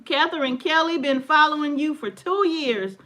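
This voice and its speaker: A woman's voice: high-pitched, normal speed, bright, forceful tone. A woman co-hosting a casual livestream, laughing and greeting viewers by name as she reads the chat. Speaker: livestream co-host. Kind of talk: casual live chat reading viewer comments.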